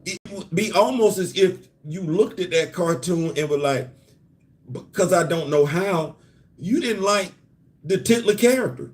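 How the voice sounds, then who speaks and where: This comics and culture live show host has a high-pitched voice and talks a little slowly. Animated and conversational, he riffs on comics alone, asking rhetorical questions and repeating words to build up a point.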